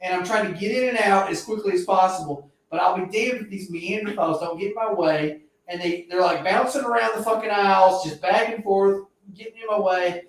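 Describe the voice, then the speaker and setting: A man's voice: high voice, fairly quick. A man co-hosting a podcast, rambling casually with lots of restarts and swearing. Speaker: podcast co-host. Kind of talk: casual chat. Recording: echoey room, far from mic.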